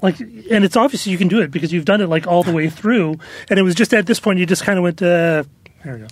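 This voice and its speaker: A man's voice: sits high, fast talker, slightly rough, dry recording. A man giving songwriting feedback in a studio chat, rambling with lots of fillers. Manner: rambling, full of "like, you know" fillers. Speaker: song critic on panel.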